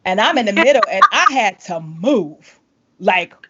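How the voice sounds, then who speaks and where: A woman chats on a podcast and tells her story with lots of animation, jumping way up in pitch whenever she acts out what someone said. Her voice sits mid-range, and the recording sounds a little dull and muffled. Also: unhurried, breathy edge. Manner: animated storyteller, acts out quotes with big pitch jumps, laughs often. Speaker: podcast host, vocal coach. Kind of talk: casual chat.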